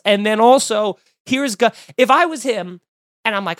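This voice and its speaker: A man telling a comic story in a casual, animated and exasperated way, full of fillers and restarts. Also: sits high, unhurried, no echo, studio quality.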